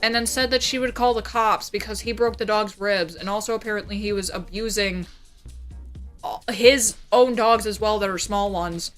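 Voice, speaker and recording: A young woman livestreamer venting in casual chat about family drama, swearing constantly and talking fast. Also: medium pitch, fairly bright tone, soft background music. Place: home.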